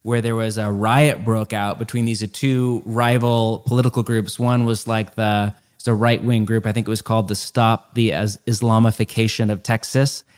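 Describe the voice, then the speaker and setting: A middle-aged man, a guest author in a podcast interview, explaining ideas earnestly and stacking them in quick lists. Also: lowish voice, little pitch movement.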